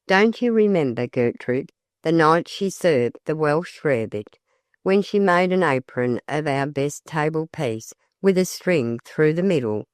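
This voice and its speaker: A lively, practical young college woman from an old storybook, brisk and friendly, read lightly by the narrator. Her lines come slowly and dry, close to the narrator's own even voice. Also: medium pitch, clear, resonant tone, no room sound, close to an everyday voice.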